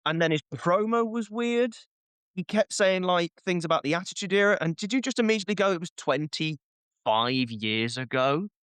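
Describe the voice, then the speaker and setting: A man's voice: high-pitched, a little fast, a bit bright, clear, resonant tone, no echo. A man hosting a casual wrestling chat, ranting and joking as he acts out short quoted voices. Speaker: podcast host.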